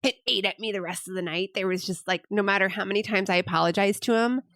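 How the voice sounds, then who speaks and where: A mother co-hosting a casual parenting podcast, chatty and quick to laugh. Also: mid-range voice, fairly even intonation, a bit bright, no echo, clean studio sound. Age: adult mother. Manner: chatty, laughs easily, rambling. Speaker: podcast co-host.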